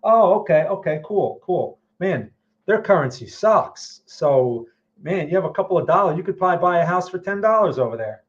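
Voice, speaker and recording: A blunt, skeptical man with a slightly high voice gives casual live-stream market commentary, answering viewer questions as a trading channel host. He stumbles and repeats words and keeps asking "right?" and "okay?". The stream audio is a little dull and lo-fi. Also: lively intonation, moderate pace.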